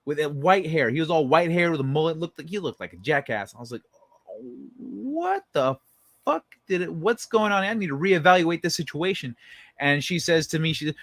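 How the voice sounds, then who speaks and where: Hosting a late-night stream, a young man swaps casual talk with his chat, reading comments aloud, laughing frequently, and telling profane, rambling stories. His voice leans high and a bit bright, captured dry.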